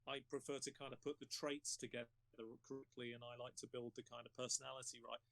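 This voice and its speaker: A man's voice: medium pitch, little pitch movement, fast, creaky, fairly bright tone, no echo. Encouraging male panel host, dry sound. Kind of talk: casual panel chat.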